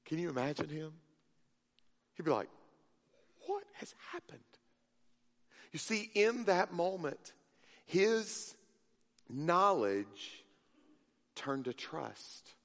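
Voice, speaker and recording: A man's voice: fairly high pitch, big pitch swings, takes it slowly, pauses often, fairly bright tone. A man preaching a sermon, telling a story with acted-out voices, then dropping to a near whisper for emphasis. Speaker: pastor. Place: church sanctuary. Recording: reverberant sanctuary.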